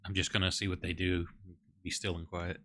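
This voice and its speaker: A man plays a tabletop game and states his moves plainly and earnestly. His voice sits very low with a bright, forward tone. The sound is dry and close. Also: flat delivery, a little fast, no room sound. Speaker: player.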